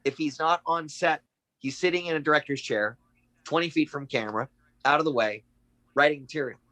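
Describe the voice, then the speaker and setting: Middle-aged male guest; bright, forceful delivery, dry recording, animated anecdotes. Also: a little high, a little fast, dry recording, rough recording. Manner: animated, acts out quoted voices. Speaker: guest actor. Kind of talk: casual anecdotal storytelling.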